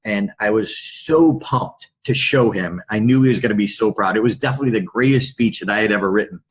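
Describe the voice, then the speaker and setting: A middle-aged man, a podcast guest and public speaker, telling candid stories in a lively anecdotal way. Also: on the low side, brisk, a little hiss or hum. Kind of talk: storytelling in a podcast interview.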